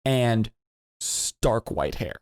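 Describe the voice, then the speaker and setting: A man's voice: drawn-out words, no room sound. Rambling man telling a long story. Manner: rambling, animated storytelling with jumps into high voices for quoted people. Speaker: podcast co-host. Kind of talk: casual storytelling.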